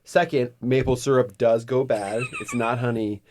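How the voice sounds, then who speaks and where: A man co-hosting a podcast, telling a long rambling anecdote in casual chat, loud and animated. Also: medium pitch, normal speed, slight background noise. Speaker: podcast co-host.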